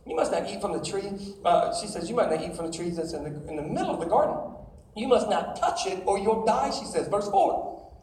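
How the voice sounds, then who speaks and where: A man's voice: high voice, expressive, a little fast, darkish tone, roomy sound, distant mic, rough recording. A man delivering a sermon to a live audience, emphatic and calling out questions for them to answer. His voice rings around a large room. He sounds somewhat away from the microphone, with a faint hum of ambience. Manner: emphatic, calls out to the crowd with questions. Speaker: preacher.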